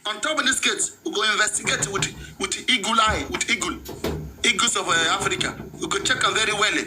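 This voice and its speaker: A man's voice: high-pitched, a little fast, over music, rough recording. A man with a Nigerian accent hosting a gossip show, chatting casually and mixing Pidgin into his English. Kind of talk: casual commentary.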